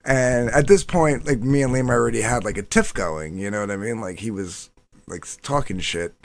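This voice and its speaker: Speaking at a moderate pace with no room sound, a man tells a long, wandering, profane story in casual conversation. He frequently quotes others, lowering his voice to do so.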